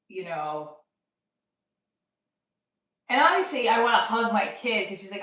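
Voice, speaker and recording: Here the same kind of speaker, a thirtysomething stand-up comedian, chats loosely to camera in a self-talk vlog, swearing and poking fun at herself. She talks at normal speed with a lowish, sharp-toned voice. The mic is distant, so she sounds slightly off-mic in a roomy, echoey space.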